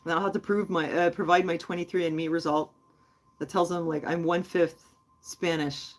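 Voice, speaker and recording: A woman's voice: on the low side, fairly even intonation, normal speed. Chatty woman rambling to her viewers. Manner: chatty and rambling, many fillers. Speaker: host. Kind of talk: casual livestream chat with viewers.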